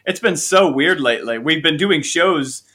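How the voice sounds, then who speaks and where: Male co-host, bright, forceful tone, deadpan joker in casual podcast banter. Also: on the high side, moderate pace. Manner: joking, self-mocking banter. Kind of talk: casual chat.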